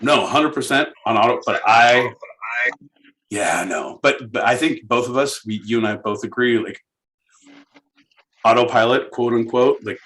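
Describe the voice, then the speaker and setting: A young man co-hosting a podcast, animated, jokey and a bit profane. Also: medium pitch, a little slow. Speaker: podcast co-host. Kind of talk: casual comedy chat.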